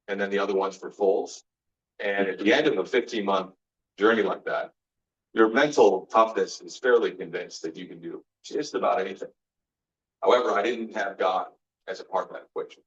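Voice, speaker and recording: A man's voice: on the low side, fairly bright tone. A man giving an earnest faith-based motivational talk as guest speaker, telling personal stories and acting out the exchanges in them. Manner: earnest storyteller, acts out quoted exchanges. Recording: roomy, distant, dull sound.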